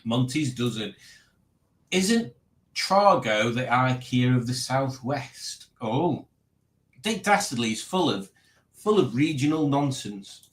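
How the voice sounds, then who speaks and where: A man's voice: medium pitch, big pitch swings, takes it slowly. A man hosting a casual livestream, rambling and reading out viewer comments. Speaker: livestream host.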